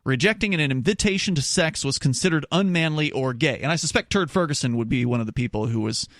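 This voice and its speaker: A man's voice: fairly high pitch, expressive, fast, fairly bright tone, dry recording, studio quality. A male radio talk show host reading news stories aloud and chatting with his co-host, with casual asides and restarts. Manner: conversational with frequent restarts and asides.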